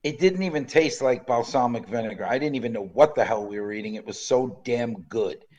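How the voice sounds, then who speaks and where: A man's voice: mid-range voice, fairly quick, darkish tone. A man in his sixties from Canada co-hosting a podcast, telling stories and acting out the quotes of others. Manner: storytelling, acts out quotes with a put-on accent. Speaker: podcast co-host. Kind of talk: casual chat. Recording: slightly dull lo-fi sound.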